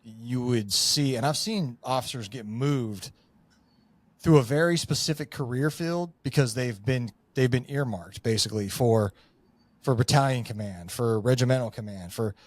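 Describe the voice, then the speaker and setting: A man's voice: mid-range voice, moderate pace, no room sound. A middle-aged man, a former Marine, talking in a rambling, profane way with lots of fillers in a casual podcast chat.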